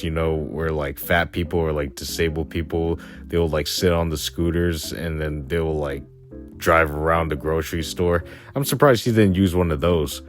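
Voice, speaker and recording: A young man with a deep, low voice delivers a casual rant. His tone is blunt, crude and mocking, and his speech is full of slang. Faint background music plays beneath him. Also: a little mellow.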